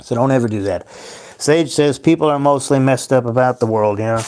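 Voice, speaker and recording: A man's voice: medium pitch, fairly quick, darkish tone, clean tone. A man hosting his own livestream, rambling and ranting at his chat, repeating himself and calling the viewers guys. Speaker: livestream host.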